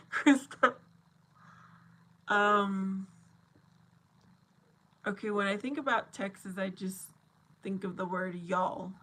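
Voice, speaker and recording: A woman's voice: mid-range voice, slow pace, long pauses, pushed and bright. A woman in her forties hosting a casual live chat, reading viewer comments, laughing often and thinking aloud as she talks. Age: 40s.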